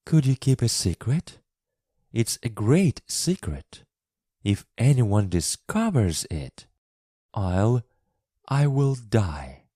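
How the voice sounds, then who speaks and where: A man voicing a lonely, eager young girl in a storybook reading for English learners, with a high, pleading girlish voice. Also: big pitch swings, slow pace, mellow, no room sound, studio quality. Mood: anxious.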